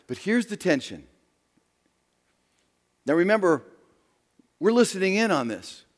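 A male pastor delivering a sermon in a high, very lively voice that rises to loud emphasis and drops to a hush. His words ring with the long reverb of a large church hall. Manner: dramatic, swings from loud emphasis to hushed near-whispers.

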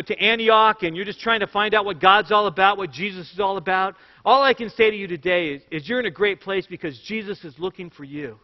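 A high-voiced man preaches a sermon, moving between scripture and animated personal stories with light jokes. His voice carries a long hall echo, and the recording sounds dull and lo-fi. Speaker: pastor.

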